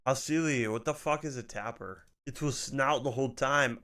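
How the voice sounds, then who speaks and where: A young adult man streaming live, chatting casually about work and then reacting loudly while gaming, with frequent swearing. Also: mid-range voice, a little slow, hardly any pauses, faint music behind.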